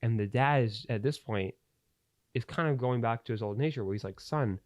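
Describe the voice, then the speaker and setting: A man's voice: medium pitch, fairly quick, no room sound. A young man hosting a podcast, telling a long story in a rambling way with plenty of fillers and restarts. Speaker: podcast host. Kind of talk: casual storytelling. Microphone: studio podcast mic.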